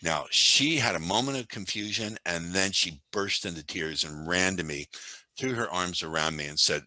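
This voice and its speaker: A man, a podcast guest who trains salespeople, telling stories in a lively, talkative way. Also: sits low, a little slow, no echo, low-quality recording. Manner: animated, talkative storyteller. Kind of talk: conversational storytelling.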